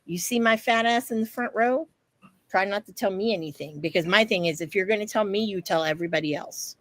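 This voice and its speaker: A woman co-hosting a podcast, telling a story in a lively way, acting out what she and others said, and swearing freely. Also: medium pitch, a little fast. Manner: animated storytelling, acts out quotes, swears freely. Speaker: podcast co-host. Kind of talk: casual chat.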